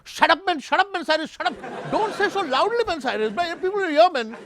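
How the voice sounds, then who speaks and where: A man putting on a high squeaky voice for an indignant male football official who keeps calling people man. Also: lively intonation, fairly quick, noisy background.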